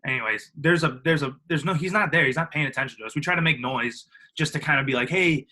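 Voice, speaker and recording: On a low-quality recording, a young Illinois man in his twenties talks fast in a slightly high voice as a podcast guest. He tells casual stories with lots of animation, impersonating other people, leaning on fillers and laughing frequently.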